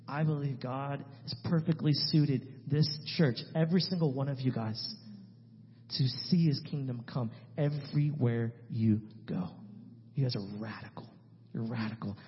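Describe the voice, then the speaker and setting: A man, a missionary speaking to a church, telling a story in an emphatic way that swings between loud and hushed. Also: medium pitch, slight background noise. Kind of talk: animated testimony storytelling. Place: church sanctuary. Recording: reverberant hall, dull lo-fi sound.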